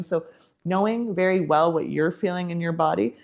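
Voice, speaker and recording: A woman's voice: on the low side, normal speed, creaky, darkish tone. A woman teaching a yoga teacher training class, explaining in a chatty way and laughing often.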